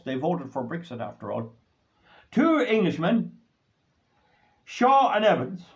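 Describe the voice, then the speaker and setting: An Irish man hosting his own channel, delivering a rambling, indignant solo monologue that grows heated. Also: sits high. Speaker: host of a commentary channel. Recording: dull lo-fi recording.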